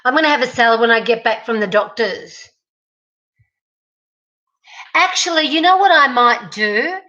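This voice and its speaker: A woman hosts a casual livestream from home, moving between rooms and talking directly to her viewers through a laptop mic. Her voice is on the high side, expressive, bright and forceful at a moderate pace, with lo-fi sound.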